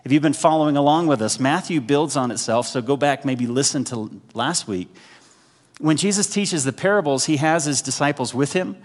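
A male pastor giving a sermon, talking to the congregation in a conversational way with emphatic pauses. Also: a little high. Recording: hall reverb.

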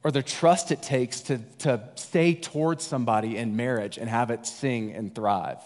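Conversational guest preacher in a hall. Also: male voice, mid-range voice, normal speed, a little mellow. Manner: conversational, jokey, acts out the disciples' voices. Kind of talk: sermon.

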